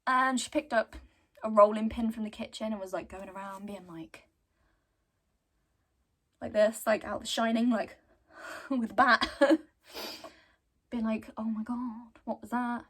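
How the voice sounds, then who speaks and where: A woman's voice: a little high, measured pace, long pauses. Chatty woman retelling a story. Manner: chatty, giggly, animated. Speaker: book reviewer.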